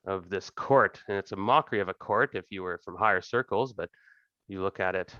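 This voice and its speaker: A man's voice: low voice, a little fast, sharp tone, dry recording. A man narrating a tabletop game as game master, describing scenes with some fillers and light chuckles, on a dull, dry lo-fi recording.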